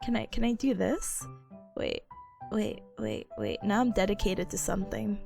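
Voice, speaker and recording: A woman's voice: mid-range voice, normal speed, creaky, over music. A young woman streamer chatting casually with her viewers, bubbly and giggly. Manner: giggly, bubbly, talks to chat. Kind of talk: casual live-stream chat.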